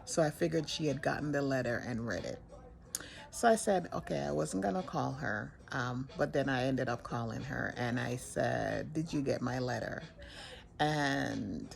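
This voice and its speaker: Older lady with a gravelly voice telling her story, earnest and halting, lots of restarts. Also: a bass voice. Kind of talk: personal storytelling to camera.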